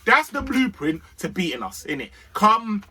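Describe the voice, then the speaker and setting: Slangy, lively football fan vlogger. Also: male voice, high voice, moderate pace, breathy edge. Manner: London street slang, energetic and chatty. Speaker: football fan channel host. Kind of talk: casual fan match preview vlog. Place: outdoors in sunshine.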